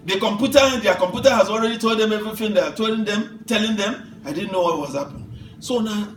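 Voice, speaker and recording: A man in his fifties preaching a sermon as pastor, swinging from soft asides to shouted declarations and laughing through his stories. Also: sits high, fast talker, a little hiss or hum. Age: 50s. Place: church hall. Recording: echoey church hall from far off, with music.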